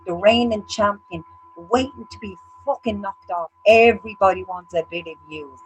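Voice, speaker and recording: A woman's voice: mid-range voice, normal speed, faint music behind, poor audio. An Irish woman co-hosting a casual livestream chat, ranting bluntly with heavy swearing. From Ireland. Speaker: co-host.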